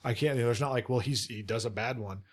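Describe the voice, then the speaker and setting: A man's voice: medium pitch, fast. A man co-hosting a podcast in casual chat, hesitant, with many fillers and restarts.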